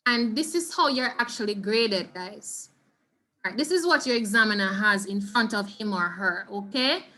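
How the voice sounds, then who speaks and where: A woman's voice: medium pitch, animated, normal speed, sharp tone. A Jamaican woman teaching an online Spanish exam revision lesson, patient and instructive, often checking in with her class. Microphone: video call.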